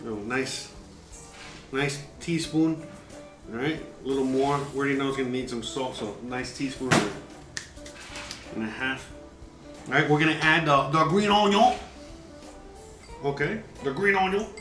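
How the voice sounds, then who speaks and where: A man's voice: medium pitch, normal speed, long pauses, pushed and bright, echoey room, faint music behind, poor audio. A man hosting a casual live cooking demo, chatty and joking, filling his talk with "you know". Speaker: cooking show host. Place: home kitchen.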